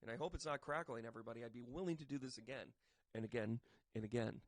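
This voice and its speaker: A man giving a casual tarot reading to camera, chatty and joking, with bursts of loud emphasis. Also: mid-range voice, quick pace, dry recording. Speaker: tarot reader and medium. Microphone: microphone.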